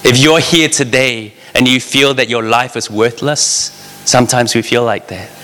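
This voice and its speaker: A man preaches a sermon in a bright, forceful voice, speaking earnestly and directly to his listeners in a plain, conversational way. His words ring out in a large hall, with a long reverb trailing behind each phrase. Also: mid-range voice, fairly even intonation, normal speed.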